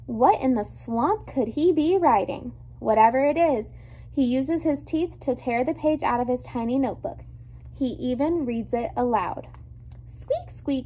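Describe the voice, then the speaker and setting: A woman reading a children's chapter book aloud with expressive, lively storytelling. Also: high-pitched. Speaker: storybook reader.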